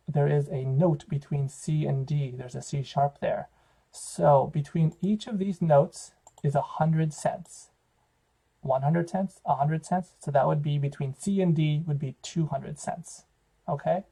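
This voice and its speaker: A man's voice: on the high side, gravelly, dark tone, poor audio. A man, a choral director, giving a music theory lecture, explaining step by step with frequent fillers.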